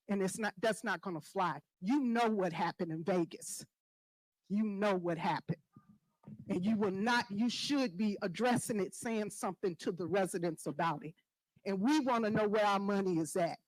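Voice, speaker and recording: Woman resident at public comment, mid-pitched, firm and demanding, dry sound. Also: moderate pace, no echo, low-quality recording. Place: village board meeting room.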